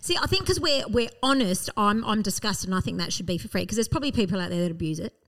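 A woman's voice: medium pitch, lively intonation, fast talker, a bit bright. A woman co-hosting a podcast in casual chat, reacting a lot and talking with emphasis. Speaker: podcast co-host.

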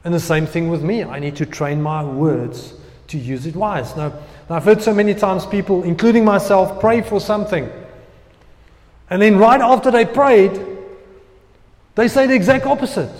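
A man delivers a sermon in a slightly higher-than-usual voice, pushing some phrases out loudly and dropping others to a near hush. His voice rings out with long reverb, as if filling a church hall. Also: normal speed. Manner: preaching with swings from loud emphasis to hushed asides. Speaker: pastor.

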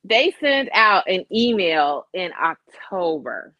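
Young woman cohost, bright voice, dry sound, animated storytelling w lots of cussing. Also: fairly low pitch, slow, no echo, muffled recording. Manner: animated storyteller, swears freely, acts out voices and accents. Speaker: podcast co-host. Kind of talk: casual storytelling chat.

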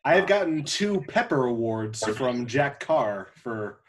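A man joins the podcast chat with dry, wry remarks. His voice sits in a middle pitch. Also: big pitch swings, measured pace. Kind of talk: casual chat.

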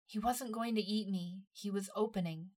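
Casting: woman reading a hurting young heroine, strained, pleading, higher pitched. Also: fairly even intonation, normal speed, a little mellow, lightly acted. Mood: dazed. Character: young woman in burning pain, desperate and pleading.

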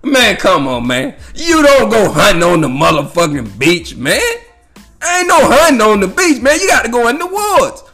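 A man rambles through a casual, profane monologue, laughing and piling on fillers. His voice is high for a man and swings widely in pitch. Faint music sits under him. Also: very animated, moderate pace.

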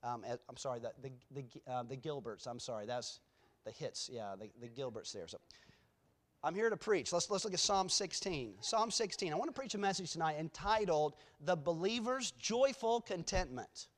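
A man's voice: fairly high pitch, expressive, moderate pace. A man speaking as a guest preacher in a church, telling rambling, self-deprecating stories with many restarts before his sermon. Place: church sanctuary.

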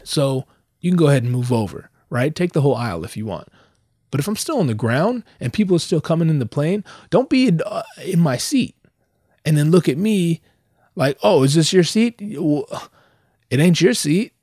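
Profane, animated stand-up storyteller man. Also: a little high, fairly quick, slightly rough, no room sound, clean studio sound. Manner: profane, animated, acts out quotes in raised voice. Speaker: comedian.

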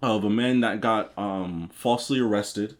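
A man's voice: lowish voice, unhurried. A man talking casually on a podcast, explaining things loosely with fillers. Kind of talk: casual chat.

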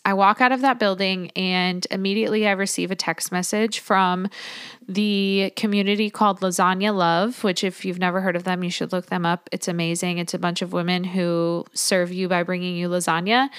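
A woman's voice: lowish voice, fairly bright tone, clear, resonant tone, dry recording, studio quality. A young adult woman hosting a podcast, telling her personal story in a candid, emotional and sometimes indignant way. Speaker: podcast host.

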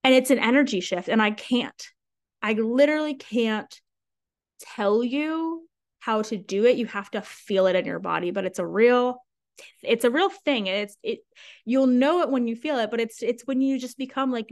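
A woman's voice: on the high side, normal speed. A young woman hosting her own podcast, talking frankly and chattily with lots of fillers and casual swearing. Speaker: sales coach and podcast host. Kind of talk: casual solo podcast monologue.

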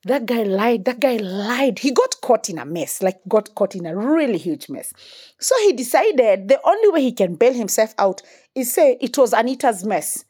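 A woman's voice: a little high, moderate pace. A young woman with a Kenyan accent telling a story in a casual monologue, emphatic, swearing freely and repeating words for emphasis. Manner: animated, emphatic, mixing English with Swahili slang.

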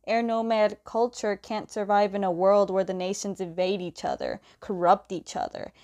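A woman casually retelling the scenes of a comic, quoting the characters' lines with fillers and quick self-corrections. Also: mid-range voice, steady tone, a little mellow. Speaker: comic recap host. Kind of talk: casual story recap.

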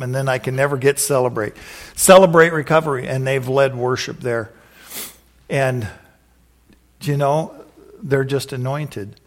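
A middle-aged pastor preaching in a rambling, exuberant way. His voice sits at an ordinary male pitch, and he breaks into sudden whooping shouts before settling into prayer. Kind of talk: sermon with closing prayer.

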